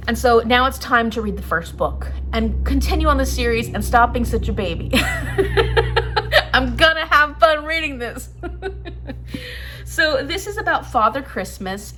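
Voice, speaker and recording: A woman's voice: on the high side, a bit bright, slight background noise. A woman chatting casually about books in a vlog, rambling a little and laughing often. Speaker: book vlogger. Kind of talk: casual chat.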